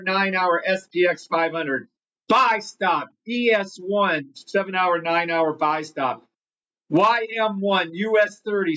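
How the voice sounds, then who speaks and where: A man with a high-pitched, bright, forceful voice hosts a live trading stream, offering market commentary while reading chat. He greets viewers by name and talks bluntly, swearing a lot. The audio sounds dull.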